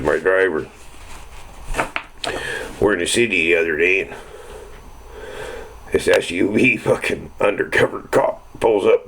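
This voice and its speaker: A man's voice: low voice, creaky, a bit bright, slight background noise, rough recording. A middle-aged man telling rambling, profane stories in casual chat. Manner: rambling, swears constantly, chuckles at own stories.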